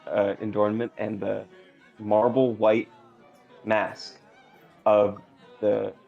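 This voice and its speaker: Low-voiced hesitant male game master. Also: level tone, takes it slowly, gravelly. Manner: hesitant, many fillers. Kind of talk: narrating a tabletop game. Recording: dull lo-fi stream audio with faint music.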